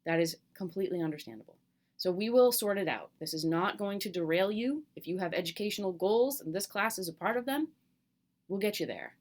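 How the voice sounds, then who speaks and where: A middle-aged woman teacher recording a video message to her students at home, speaking gently and candidly with a reassuring manner and some fillers. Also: medium pitch, animated, a little fast. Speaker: college teacher. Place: home, at kitchen table.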